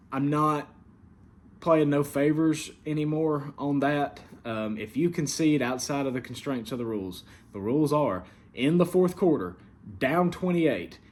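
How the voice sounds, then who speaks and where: A man's voice: medium pitch, a little mellow. A man with a country Southern accent hosting a casual weekly league recap, laid-back and full of fillers, turning stern about the rules. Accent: American Southern. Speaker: league commissioner and show host.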